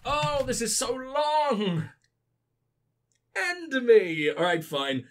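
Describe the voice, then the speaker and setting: A man's voice: very high voice, sing-song, very slow, a little hiss or hum. A sick man hosting a game let's play, joking crudely and swearing a lot. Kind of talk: gameplay commentary.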